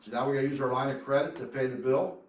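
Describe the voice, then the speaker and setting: A man's voice: mid-range voice, rapid-fire, a little hiss or hum. A man speaking bluntly at a village council meeting, pressing the clerk with questions. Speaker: resident addressing council. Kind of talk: public comment at a council meeting. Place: municipal meeting room. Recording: echoey hall, distant mic.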